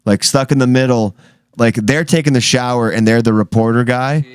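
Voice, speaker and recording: A man's voice: mid-range voice, normal speed, clean tone. A man co-hosting a casual chat show, joking, crude and teasing. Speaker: show host.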